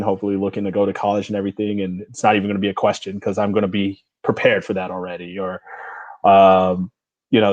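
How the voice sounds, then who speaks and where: A man in his forties with a fairly low voice, speaking as a guest on a casual interview podcast. He talks in an easygoing, unhurried way, often chuckling and stopping on "uh" and "you know" as he gathers his thoughts. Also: a little mellow, no room sound. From United States. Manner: easygoing, chuckles often, halting with many fillers. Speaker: guest, Navy veteran and father.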